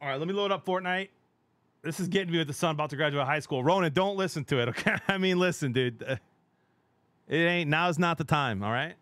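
A middle-aged man streaming games, chatting casually with his viewers. He talks in a chatty, excitable way, laughs often and trails off mid-sentence. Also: on the high side, a little fast. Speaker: game streamer. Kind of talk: casual live-stream chat.

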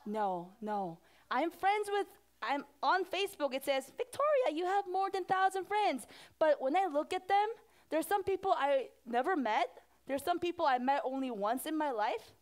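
High-voiced woman pastor talking to kids. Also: moderate pace. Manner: animated, asks the children questions. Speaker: children's pastor. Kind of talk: children's sermon.

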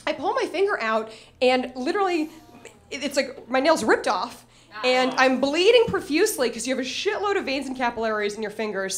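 A young adult woman telling a funny personal story on stage, self-mocking and acting out the voices of people in it. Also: sits high. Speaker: stand-up comedian. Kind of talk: live comedic storytelling.

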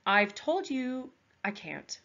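A woman's voice: fairly high pitch, very animated, takes it slowly, vocal fry, fairly bright tone, highs cut off, voice pushed up, full character voice. A woman reading aloud, voicing a frightened young boy who pleads tensely. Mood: pleading. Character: frightened boy on the run, earnest.

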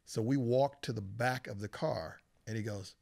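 A man's voice: mid-range voice, moderate pace, gravelly, a little mellow. A man, a television writer, telling a story in a casual podcast chat and acting out the other people's lines. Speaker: guest, television writer and showrunner. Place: Los Angeles area.

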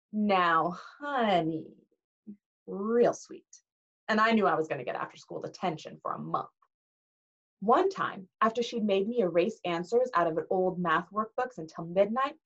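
A teacher reading a novel aloud to a class in an expressive, animated way. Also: female voice, medium pitch, breathy edge. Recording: dull lo-fi recording.

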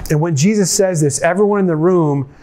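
A man pastor giving a conversational sermon, retelling a scene in a lively way and speaking straight to his listeners. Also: a little high, brisk, slight background noise.

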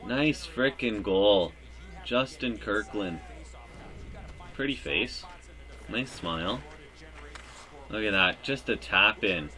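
Man, gaming commentary, unhurried, somewhat low, bright edge, jokey and excitable. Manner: excitable, jokey, bursts into loud cheers. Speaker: gaming YouTuber. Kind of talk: live gameplay commentary.

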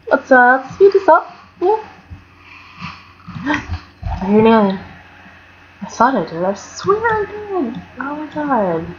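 A young woman giving casual, chatty commentary on her own gameplay, swinging between mock outrage and excited squeals. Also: high voice, takes it slowly, pauses often. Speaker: gamer narrating her let's play. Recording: dull lo-fi home mic with faint hiss.

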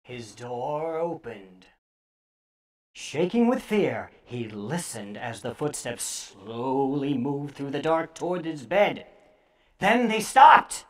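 Woman, scary story reader, theatrical, very lively pitch, slow pace. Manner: theatrical, hushed dips and sudden loud bursts. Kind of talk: dramatic scary story reading.

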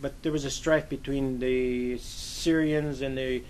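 A man's voice: medium pitch, fairly even intonation, measured pace, darkish tone, a little hiss or hum, rough recording. An older man from western Pennsylvania, a navy veteran telling long rambling anecdotes in an oral history interview, full of "uh" and "I says". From western Pennsylvania, USA.

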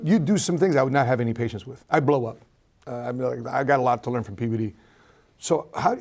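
A man's voice: medium pitch, darkish tone. A man hosting an interview, earnest, often repeating words as he works out his question. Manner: earnest, repeats words while searching for them. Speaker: host. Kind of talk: casual interview talk.

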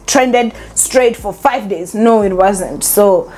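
A woman's voice: medium pitch, slow pace, mellow, slight background noise. A woman giving opinionated casual commentary as a vlogger, laughing often.

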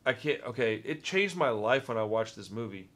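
A man's voice: mid-range voice, animated, normal speed, fairly bright tone. A man with a Texan accent hosting a casual movie-ranking vlog, talking with rambling enthusiasm and often repeating words. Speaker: movie review vlogger.

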